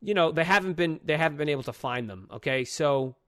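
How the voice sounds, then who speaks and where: A man's voice: on the high side, animated, quick pace, a bit bright, no echo, clean studio sound. A young man co-hosting a casual comic book podcast. He talks profanely and acts out characters' lines. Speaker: podcast co-host.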